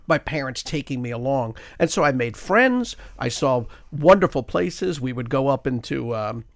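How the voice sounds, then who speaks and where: A man in his sixties with a gravelly, creaky voice at an ordinary pitch. He tells long, meandering stories as a radio guest and fills them with little hesitations. The sound is dry and close. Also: lively intonation, normal speed, no room sound. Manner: rambling anecdotal storyteller with many fillers. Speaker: interview guest, retired news correspondent. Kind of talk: storytelling in a radio interview.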